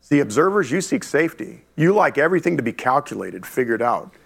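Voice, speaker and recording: A middle-aged male pastor preaching a lively sermon to his congregation, talking straight to the room with quick asides. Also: mid-range voice, vocal fry, breathy edge. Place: church before a congregation.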